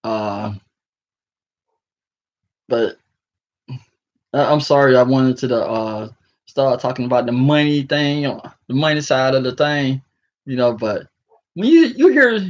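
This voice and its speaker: A man's voice: mid-range voice, lively intonation, slow pace, long pauses. Sleepy man rambling, muffled recording. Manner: rambling, chuckling, slangy. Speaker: vlogger. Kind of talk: rambling casual monologue.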